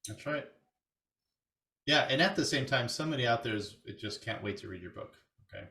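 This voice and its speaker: A man's voice: medium pitch, expressive, a little fast, vocal fry, pushed and bright. Upbeat man podcast host. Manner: upbeat and affirming, chiming in often. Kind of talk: casual chat.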